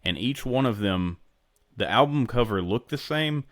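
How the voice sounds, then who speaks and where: A man's voice: mid-range voice, expressive, moderate pace, a bit bright, no echo, clean studio sound. A man co-hosting a podcast in casual chat, rambling and restarting his sentences. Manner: rambling, self-interrupting. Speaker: podcast co-host.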